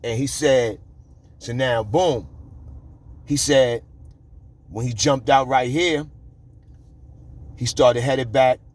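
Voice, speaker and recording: A man's voice: mid-range voice, fairly even intonation, takes it slowly, long pauses. Slangy New man telling a street story. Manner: slangy, keeps checking in with "you heard?", frequent repeats. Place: on the move along a city street route.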